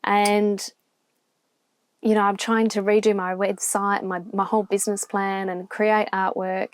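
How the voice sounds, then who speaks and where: A woman's voice: mid-range voice, flat delivery, a little slow, clean tone. An Australian woman vlogging alone from a campground, talking openly and reflectively with many restarts, emotional at times. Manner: open, reflective, rambling with restarts. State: near tears at times. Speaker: van life vlogger. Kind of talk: candid solo vlog to camera. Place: campground, inside a van.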